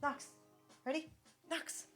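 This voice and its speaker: A woman livestreaming, chatting casually, thanking subscribers and talking in a high sing-song baby voice to her dog. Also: takes it slowly, a bit bright, soft background music.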